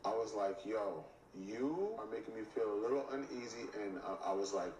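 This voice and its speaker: A man telling an animated story, acting out both sides of the conversation with lots of "I was like". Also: lowish voice, normal speed, a little hiss or hum. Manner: acts out both sides of the dialogue, often repeating "I was like". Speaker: reality TV cast member telling a story. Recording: echoey room, mic at a distance, faint ambience.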